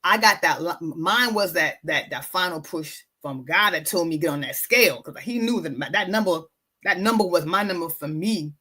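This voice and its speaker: A woman's voice: fairly low pitch, expressive, normal speed, sharp tone, slightly rough. A woman podcast host and wellness coach talking casually and emphatically, often repeating her words and speaking straight to her listeners. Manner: repetitive, emphatic, addresses listeners directly. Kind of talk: casual motivational talk.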